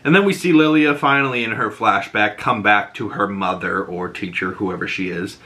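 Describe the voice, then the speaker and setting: Male host, lively recap talker, bright forward tone, acts out the scenes. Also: fairly low pitch, moderate pace. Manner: animated, acts out character lines in voices, laughs often. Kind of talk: casual TV episode recap.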